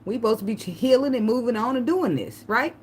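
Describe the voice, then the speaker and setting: A woman tarot reader giving casual spiritual advice, telling a personal story and breaking into a high pleading voice to act out begging. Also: fast, a little hiss or hum. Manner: animated storytelling, acts out begging in a high pleading voice, laughs often.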